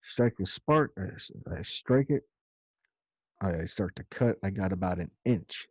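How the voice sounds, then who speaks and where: A man's voice: sits low, lively intonation, unhurried, breathy edge, no room sound. A man casually recounting a story of his own in a loose, rambling way, with some swearing. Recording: dull lo-fi dry recording.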